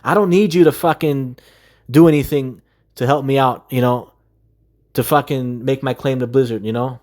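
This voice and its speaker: A man's voice: mid-range voice, steady tone, normal speed, a little mellow. Aggrieved man ranting with profanity. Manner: profane, repetitive rhetorical questions; aggrieved, exasperated. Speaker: gaming video creator. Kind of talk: ranting monologue to camera.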